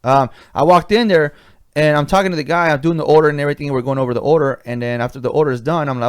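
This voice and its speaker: A man hosts a podcast and tells a swaggering story, cursing freely and in no hurry. His voice sits fairly high for a man. The sound is dry and close, with almost no room. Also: racing, smooth, dry recording. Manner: profane, swaggering anecdote-telling. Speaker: podcast host. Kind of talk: casual storytelling.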